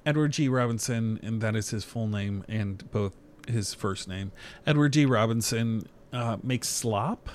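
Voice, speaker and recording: A man co-hosting a casual movie podcast, retelling scenes in an animated, exaggerated way. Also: on the low side, a little slow, a little hiss or hum. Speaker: podcast co-host.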